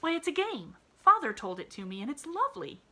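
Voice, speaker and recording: A woman's voice: sing-song, a little fast, sharp tone, full character voice. A woman doing a bubbly, chirpy little girl. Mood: cheerful. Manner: breathless, bubbly, high girlish voice. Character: cheerful eager little girl, chatty and bright.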